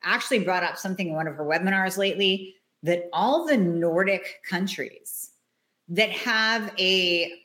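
A woman hosting a health podcast, speaking bluntly and emphatically, with casual swearing and long rapid lists. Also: fairly low pitch, a bit bright. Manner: runs quickly through long lists. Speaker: hormone health practitioner and podcast host. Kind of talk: solo podcast monologue giving health advice.

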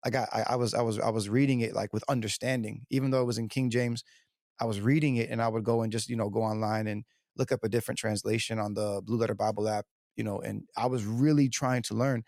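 A man's voice: lowish voice, fairly even intonation, fast, a little mellow, no room sound, clean studio sound. A man, a pastor, telling his personal testimony in an earnest, rambling way, full of "like" and "you know", acting out the people he quotes. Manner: acts out quoted people with a raised voice.

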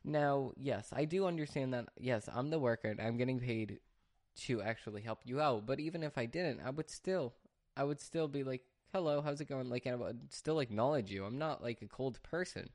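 Man, restaurant worker, casual rant, rambling with fillers, exasperated, middle pitch. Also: normal speed, darkish tone. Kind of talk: casual talk to camera.

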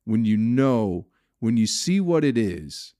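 A man's voice: fairly low pitch, sing-song, takes it slowly, dark tone, dry recording, studio quality. A young man hosting his own comedy podcast, ranting in a profane, exasperated way as he rambles alone at the mic. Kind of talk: solo rambling podcast monologue.

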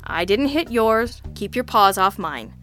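A weary male private detective in a storybook reading, voiced by a woman narrator. He speaks tersely with a dry, deadpan wit. The delivery stays low-key and unhurried. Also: faint music behind.

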